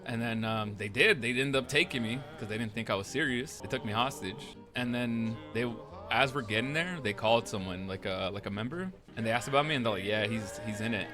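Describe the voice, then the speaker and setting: A man's voice: mid-range voice, a little fast, music in the background. A man casually retelling events from a roleplay game, rambling and profane, acting out the lines of others. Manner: profane, rambling, acts out the quotes. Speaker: roleplay streamer.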